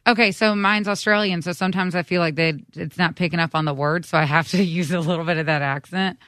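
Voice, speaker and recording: Southern lady on the radio crew, bright voice, defends her story, dry mic. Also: lowish voice, fairly even intonation, quick pace, clean tone, dry recording. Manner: insistent, laughing. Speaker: radio show cohost. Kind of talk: casual radio banter.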